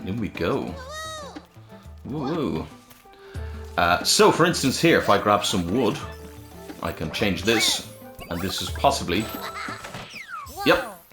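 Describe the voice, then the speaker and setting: A man rambles through casual commentary while playing a game, thinking aloud as he goes. His intonation is lively and varied. The sound is roomy, with faint game music underneath. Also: deep voice. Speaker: game reviewer.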